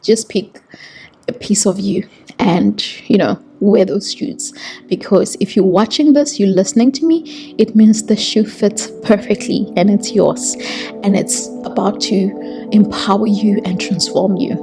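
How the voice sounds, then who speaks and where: A woman's voice: medium pitch, a little slow, over music. A woman in her thirties with a South African accent, talking to camera as a vlog host in a heartfelt, earnest way, often repeating words. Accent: South African English. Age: 30s. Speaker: vlogger host. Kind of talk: casual motivational talk to camera.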